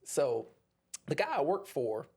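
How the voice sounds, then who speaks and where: A man, a dentist guest on an interview show, telling a story in a casual, animated way. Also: mid-range voice, unhurried, slightly rough. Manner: animated, acts out others' voices.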